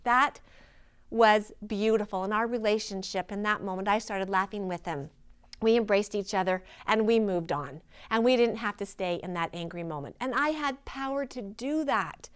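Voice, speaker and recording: A woman's voice: on the high side, moderate pace, clean tone. A woman in her forties, a healing practitioner, giving an earnest, inspirational personal testimony.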